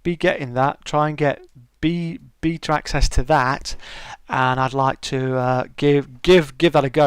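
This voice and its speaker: A man's voice: medium pitch, clean tone, dry recording, studio quality. A middle-aged man hosting a casual live-stream chat, greeting viewers by name and calling them mate.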